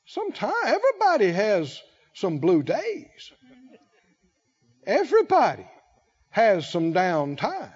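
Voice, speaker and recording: A male pastor preaching a sermon, emphatic, with drawn-out phrasing and call-and-response. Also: high-pitched, huge pitch swings, slightly rough, highs cut off.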